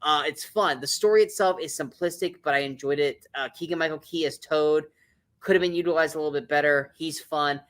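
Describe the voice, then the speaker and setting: A man's voice: a little high, a little fast, fairly bright tone. A man co-hosting a casual movie-review podcast, blunt and opinionated, swearing often and restarting his sentences as he rambles.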